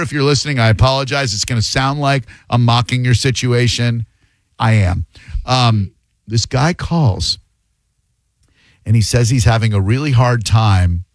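A man's voice: mid-range voice, no echo, clean studio sound. Joking male radio host telling a story. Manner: joking, self-mocking storyteller. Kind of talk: casual on-air storytelling. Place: radio studio.

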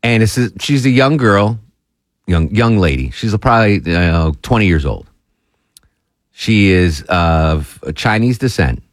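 A man co-hosting a podcast, telling stories in a casual chat and jumping high in pitch when amused. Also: expressive, measured pace, no echo, clean studio sound. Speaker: podcast co-host.

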